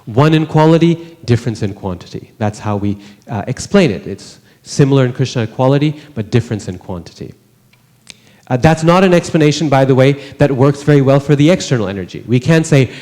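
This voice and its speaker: Speaking briskly and expressively, a man with a dark, mid-range voice teaches a scripture class in a large temple hall. He keeps it conversational, regularly turning rhetorical questions on his listeners.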